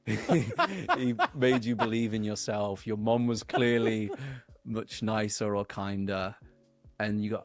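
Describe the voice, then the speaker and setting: British podcast guest, lowish voice, dry close sound, loves a goofy metaphor. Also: male voice, slow, no room sound, soft background music. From United Kingdom. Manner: storytelling with playful metaphors. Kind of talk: conversational podcast interview.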